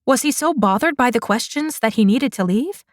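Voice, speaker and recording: A woman narrating a fantasy romance audiobook in a measured, unhurried manner. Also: on the high side, lively intonation, dry recording, clean studio sound.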